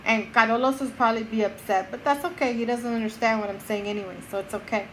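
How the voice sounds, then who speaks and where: A woman's voice: a little high, fairly even intonation, fast talker, a bit bright, a little hiss or hum, poor audio. A woman co-hosting a podcast, chatting casually and retelling a story while acting out the quotes. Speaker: podcast co-host. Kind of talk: casual chat.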